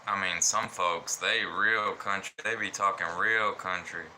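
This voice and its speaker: A slow-talking Southern man from Alabama chats in a rambling livestream, his accent plain as he drifts from thought to thought. His low voice has a strikingly bright tone, with faint room noise behind him. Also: fairly even intonation, low-quality recording. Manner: slow, rambling, lots of fillers. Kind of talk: casual rambling livestream chat.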